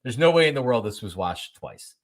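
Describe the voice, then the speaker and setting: Speaking slightly quickly at medium pitch, a forties-aged podcast host tells a story as a casual monologue. He's animated, repeats lines, and performs both people in the conversation.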